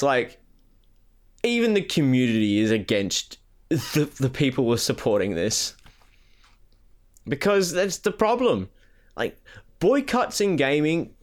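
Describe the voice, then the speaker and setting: A man's voice: fairly high pitch, clear, resonant tone. A man co-hosting a casual gaming podcast, ranting with lots of swearing and mocking impressions. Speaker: podcast co-host.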